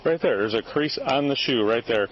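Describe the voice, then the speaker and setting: A man's voice: medium pitch, normal speed. A man working as a police officer, recorded outdoors on a body camera, giving firm, commanding orders. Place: outdoors at a house. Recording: dull bodycam audio with faint noise.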